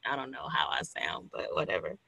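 An interviewer from Milwaukee asking questions in a relaxed, casual chat, full of fillers. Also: mid-range voice, a little fast, creaky, husky, no room sound. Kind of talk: casual conversation.

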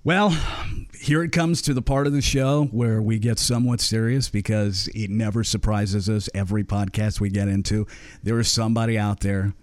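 A man's voice: on the low side, steady tone, moderate pace, a little mellow, dry recording, clean studio sound. A man co-hosting a podcast, crude and joking in casual banter. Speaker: podcast co-host.

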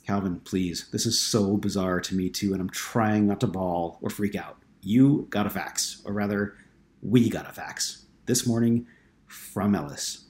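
A man's voice: lowish voice, steady tone, normal speed, lightly acted. A man reading an audiobook, voicing an anxious, earnest young woman who speaks urgently and pleads.

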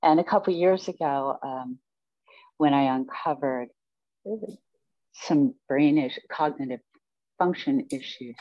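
A woman's voice: a bass voice, slow pace, pauses often, dry recording. A woman guest speaking in an interview, telling her life story in a reflective, rambling way with many fillers. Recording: dull, dry sound.

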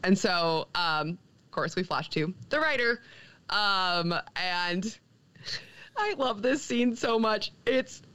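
A woman co-hosting a comic book podcast, retelling a story in an animated, profane, casual way with many fillers. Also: medium pitch, slow, clear, resonant tone. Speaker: podcast co-host.

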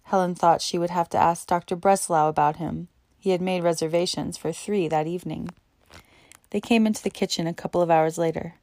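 A woman reading a novel aloud as narrator, in a steady, even way. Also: fairly low pitch, fairly quick, no room sound. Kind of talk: audiobook narration.

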